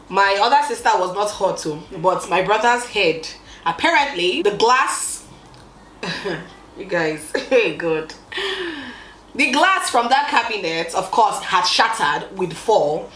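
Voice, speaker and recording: A woman's voice: mid-range voice, reverberant, slight background noise, rough recording. Dramatic woman telling a story. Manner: expressive, dramatic storytelling, stretching key words. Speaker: vlogger. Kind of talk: casual storytime.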